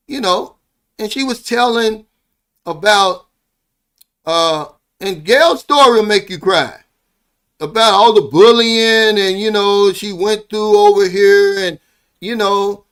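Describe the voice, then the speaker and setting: Talking straight to camera, this middle-aged man, a vlogger based abroad, drifts through a relaxed monologue with an earnest, heartfelt tone. He has a notably high, fairly bright voice and often finishes phrases with "man".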